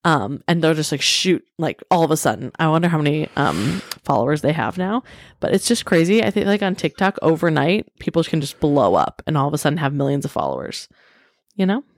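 A woman's voice: low voice, sing-song, a little fast, no room sound, studio quality. A woman in her thirties co-hosting a podcast, chatting casually and rambling with lots of filler words. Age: 30s. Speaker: podcast co-host. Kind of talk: casual chat.

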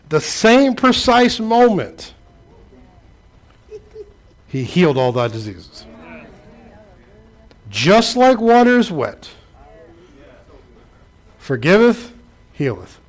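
Man, pastor, sermon, rhythmic emphatic preaching, slightly high voice. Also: big pitch swings, very slow, pauses often.

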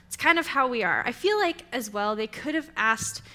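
Young woman giving a sermon, casual storytelling, bright tone. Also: on the high side, moderate pace. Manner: conversational storytelling, animated. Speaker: preacher.

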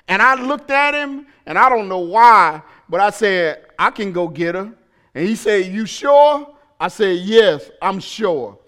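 A man preaching a sermon as pastor, telling a personal story and building up to shouted, emphatic preaching. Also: high-pitched, animated, unhurried, smooth.

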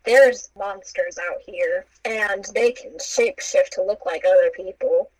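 A woman's voice: medium pitch, a little slow, dry recording, low-quality recording. A young woman casually recounting a story, acting out the quoted lines with playful asides. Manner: animated, acts out quotes with playful asides and laughs.

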